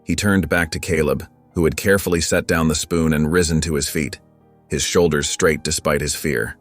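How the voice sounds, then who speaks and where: A man narrating a scripted story in a solemn, even manner. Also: very deep voice, moderate pace, faint music behind.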